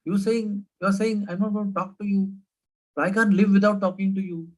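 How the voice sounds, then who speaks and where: An earnest young divine hero, voiced by a man telling the story protests and pleads in a voice pitched well up. He sounds defensive yet eager to please. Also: steady tone, a little fast, close to an everyday voice, low-quality recording. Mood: pleading.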